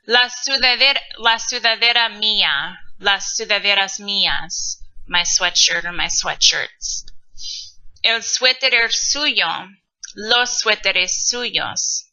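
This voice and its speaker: A woman teacher giving a recorded grammar lesson, explaining slowly and patiently with casual asides. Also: medium pitch, sharp tone. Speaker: Spanish teacher. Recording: dull lo-fi recording.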